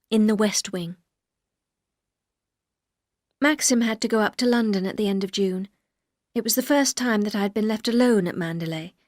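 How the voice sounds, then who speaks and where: A woman narrating a classic novel aloud in a calm, steady storytelling voice. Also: mid-range voice, no room sound, studio quality. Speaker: audiobook narrator.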